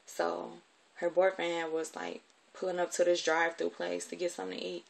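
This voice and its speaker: A woman's voice: on the low side, level tone, normal speed, creaky. A woman telling a personal story from her childhood in a candid, conversational way, with plenty of profanity.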